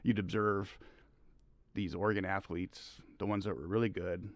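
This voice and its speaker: A middle-aged man, a high school track coach, telling rambling stories as a podcast guest, laughing often. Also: fairly even intonation, moderate pace, dry recording. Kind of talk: casual podcast conversation.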